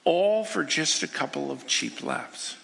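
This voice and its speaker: A man preaching a sermon as pastor, telling everyday stories and voicing people's quiet prayers in a conversational way. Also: a little high, expressive, a little slow, creaky, in a large hall. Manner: conversational storytelling, acting out people's inner prayers.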